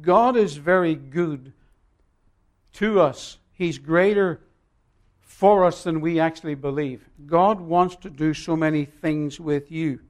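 Preacher guy, kinda high voice, gets loud then drops quiet, tells stories slow. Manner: emphatic preaching, swinging between loud and quiet. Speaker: pastor. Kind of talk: sermon.

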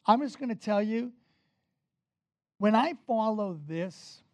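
A man preaching with emphasis, his voice swelling loud on key points and dropping low between them. He speaks straight to his listeners, asking them questions. The sound is dry and close, with no room echo. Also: animated, slow. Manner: emphatic, rises and falls in loudness, talks straight to the congregation. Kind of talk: sermon.

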